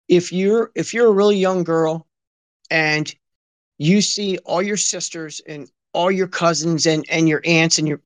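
A man chatting casually as a podcast co-host, telling stories in a rambling, slangy way full of filler words. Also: high voice. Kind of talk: casual conversational chat.

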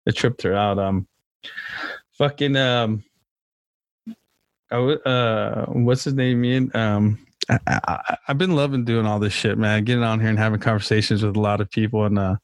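Host type: easygoing man with a lowish voice, loose and profane, animated storyteller; dry, close sound. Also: moderate pace, no room sound. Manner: laid-back, swears freely, acts out quotes in storytelling. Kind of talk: casual chat.

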